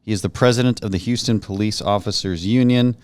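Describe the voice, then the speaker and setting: A man's voice: fairly low pitch, fairly quick, clean tone, no room sound. A man hosting a podcast interview, chatting casually and jokingly with plenty of fillers. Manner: relaxed, joking, many fillers. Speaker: podcast host, congressman.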